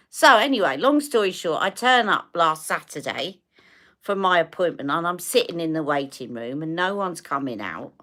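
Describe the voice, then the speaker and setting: A woman's voice: fairly low pitch, big pitch swings, moderate pace, sharp tone. A middle-aged British woman chatting casually on a live stream, telling a long story with exasperation and acting out the dialogue. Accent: British English. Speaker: beauty live-stream host.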